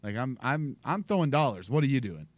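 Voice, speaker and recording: A man's voice: medium pitch, very animated, a little fast, dry recording. A man co-hosting a comedy podcast, rambling through crude jokes with lots of restarts and repeated words. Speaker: podcast co-host.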